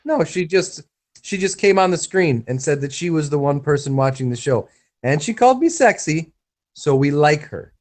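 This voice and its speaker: A man's voice: fairly high pitch, animated, normal speed. Teasing male fight-show co-host. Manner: teasing, crude banter. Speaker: podcast co-host. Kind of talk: casual live fight commentary.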